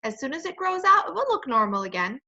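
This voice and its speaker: A woman's voice: sits high, very animated, fast, bright, forceful tone, lo-fi sound, voice pushed up, exaggerated voice. A woman voicing a kind dad who talks in a reassuring way.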